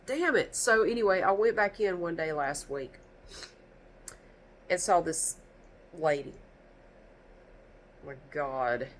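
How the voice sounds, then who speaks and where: A woman's voice: fairly low pitch, rough recording. Exasperated woman ranting with a stuffy nose. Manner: exasperated, animated, rambling with restarts. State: stuffy from sneezing. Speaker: vlogger. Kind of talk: casual storytime rant.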